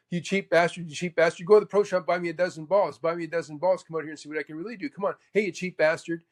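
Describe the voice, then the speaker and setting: A man doing a high, gleeful old golf pro. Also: steady tone, fast talker, close to an everyday voice. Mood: needling, gleeful. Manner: high-pitched, exclaims "ooh" and heckles back. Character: excitable older male golf pro, blunt and needling.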